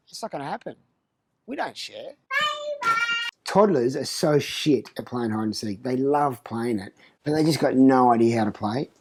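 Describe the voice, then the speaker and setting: A man with an Australian accent doing a comic monologue about parenting, deadpan and crude. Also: mid-range voice, moderate pace. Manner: deadpan, crude, mocking asides. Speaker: comedian. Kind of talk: stand-up style comic monologue.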